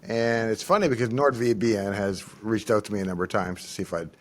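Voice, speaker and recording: A man hosting a casual livestream Q&A, answering in a measured way with dry humor. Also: lowish voice, slight background noise. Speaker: host.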